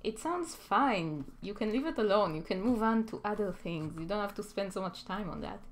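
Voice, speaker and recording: A woman's voice: medium pitch, animated, moderate pace, slight background noise. A young adult woman with an Israeli accent, chatting casually and rambling a bit while she works on an animation stream. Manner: rambling, self-deprecating, chatty. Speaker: animation livestreamer. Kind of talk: casual chat while working.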